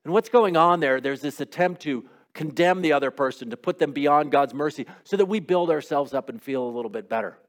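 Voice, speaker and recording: A man's voice: fairly high pitch, a little fast, hardly any pauses. A middle-aged man preaching a sermon in a conversational way, asking rhetorical questions and acting out little quotes. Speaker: pastor.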